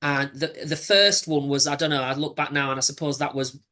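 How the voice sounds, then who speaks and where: Bright-voiced man telling his story. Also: on the high side, little pitch movement. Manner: candid, reflective, halting with restarts. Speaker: podcast guest. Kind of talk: personal storytelling in an interview.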